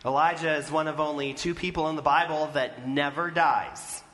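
A man's voice: a little high, steady tone, moderate pace, a bit bright, long reverb tail. A male pastor preaching a storytelling sermon and putting questions to the congregation.

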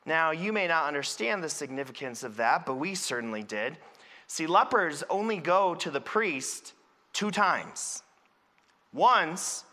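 A man's voice: fairly high pitch, bright, forceful tone. A man playing a Samaritan leper in a first-person sermon monologue, telling his story earnestly and with emphasis. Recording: long reverb in a large hall.

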